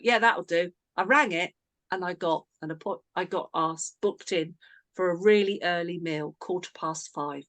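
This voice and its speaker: Woman coach, conversational storyteller, mid pitch, dry close sound. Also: a bit bright, no echo. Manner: chatty storyteller, self-interrupting. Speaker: team coach. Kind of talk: casual coaching talk with a story.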